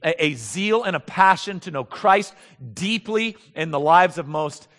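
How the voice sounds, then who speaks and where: A man's voice: fairly high pitch, expressive, measured pace, a bit bright. A man preaching a sermon as pastor, earnest and emphatic, often repeating words as he builds his points. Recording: long hall reverb.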